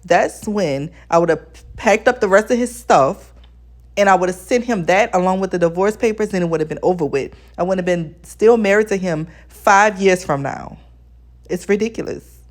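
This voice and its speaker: A woman's voice: mid-range voice, moderate pace. A woman giving blunt, exasperated casual commentary as a TV show reviewer, talking straight to her viewers. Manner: addresses viewers as besties.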